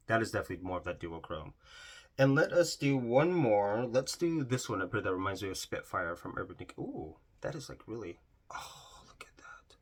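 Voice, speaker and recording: A man's voice: fairly low pitch, husky. A man casually swatching eyeshadows in a vlog, gushing over the colors, exclaiming often and trailing off mid-sentence. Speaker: beauty vlogger.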